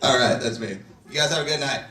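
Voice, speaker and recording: A man performing a stand-up set, telling stories deadpan and breaking into loud shouted impressions. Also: medium pitch, quick pace, crowd noise, noisy background. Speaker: stand-up comedian. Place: comedy club stage. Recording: roomy club sound from far mic. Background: laughing audience.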